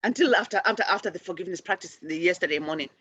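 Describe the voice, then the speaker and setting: A woman hosting a spiritual show and leading a forgiveness practice, speaking earnestly, restarting and repeating words, and addressing souls with soft affirmations. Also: on the low side, very fast, slightly rough, no echo. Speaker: show host.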